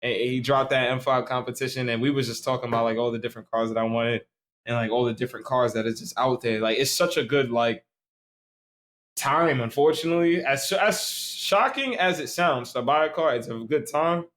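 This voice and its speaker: A man's voice: medium pitch, brisk, fairly bright tone. A tipsy young man from Staten Island, co-hosting a podcast in loose, rambling casual chat full of slang and swearing. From Staten Island, New York. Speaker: podcast co-host.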